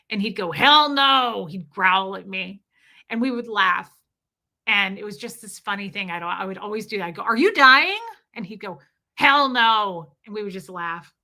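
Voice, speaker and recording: Female livestream host, chatty storyteller, crisp bright tone, stops to read viewer comments. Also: medium pitch. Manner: chatty, reads viewer comments aloud between stories. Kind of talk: casual storytelling to a live chat.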